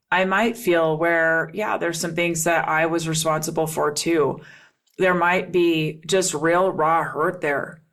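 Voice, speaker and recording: A middle-aged woman with a low voice hosts her own solo podcast as a relationship coach. She speaks earnestly and repeats key phrases to drive them home.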